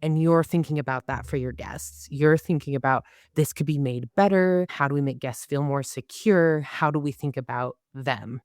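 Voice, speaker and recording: A woman's voice: sits low, moderate pace, hardly any pauses, no room sound, studio quality. A woman in her twenties, a podcast guest, telling travel stories casually and acting out quoted dialogue. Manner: animated, acts out quoted dialogue. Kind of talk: casual storytelling.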